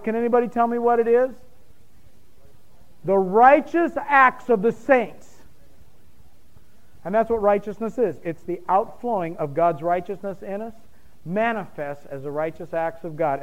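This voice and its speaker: A man with a high, narrow voice preaches a sermon in emphatic bursts, building to loud points and quizzing the congregation with questions. The audio sounds tinny.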